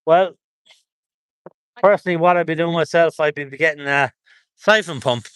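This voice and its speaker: A man's voice: on the high side, normal speed, a bit bright, clean tone, no room sound. An Irish man chatting casually on a livestream from an outdoor protest, reading out viewer comments, rambling and chuckling often.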